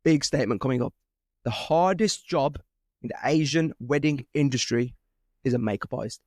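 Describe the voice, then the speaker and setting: Young male host, lively and loose, dry close sound. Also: mid-range voice, normal speed, dry recording. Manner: animated, swearing, laughing storyteller. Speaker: podcast host. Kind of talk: casual podcast chat.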